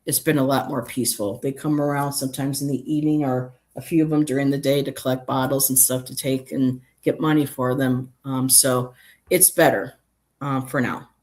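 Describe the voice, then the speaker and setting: A woman's voice: rumbling low, steady tone, moderate pace, darkish tone. A middle-aged woman hosting a casual livestream, chatting and reading out chat messages with many ums.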